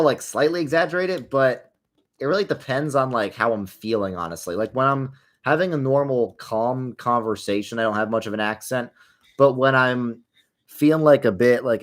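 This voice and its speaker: A man's voice: mid-range voice, fairly bright tone. A young man hosting a casual livestream, answering viewer questions while he plays a game, rambling along with wry, sarcastic asides.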